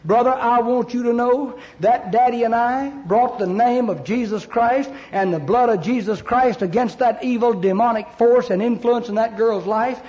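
Male preacher, very high voice, emphatic repetitive cadence, roomy dull lo-fi sound. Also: moderate pace, few pauses, a little mellow. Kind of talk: fiery revival sermon. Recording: echoey lo-fi church recording.

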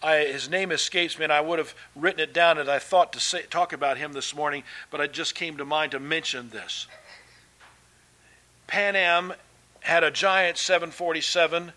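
A man delivers a sermon from the pulpit, his voice pitched a little high and ringing bright. He presses hard on key words, then drops to a softer aside, with casual restarts and fillers between. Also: moderate pace. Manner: emphatic preaching, swinging between loud and soft. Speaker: pastor.

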